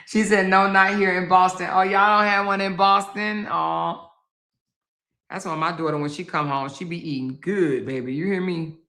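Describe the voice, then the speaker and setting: A middle-aged woman chats through a casual livestream from home, exclamatory and talking straight to her viewers. Her voice sits a little low, and the room rings around her. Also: fairly even intonation, normal speed, pauses often, pushed and bright. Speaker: livestream host. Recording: roomy echo.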